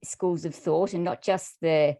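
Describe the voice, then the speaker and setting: Low-voiced woman giving a hesitant talk. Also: steady tone, a little slow, dark tone. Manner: casual, hesitant, laughs lightly, many ums. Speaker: guest speaker. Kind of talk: presentation with slides.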